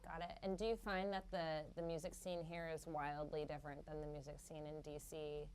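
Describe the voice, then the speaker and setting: A woman hosts a casual band interview, her voice a bit low. She asks short friendly questions. Faint background noise stays underneath. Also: little pitch movement, fairly quick, a little mellow. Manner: friendly, brief prompts. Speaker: interviewer host.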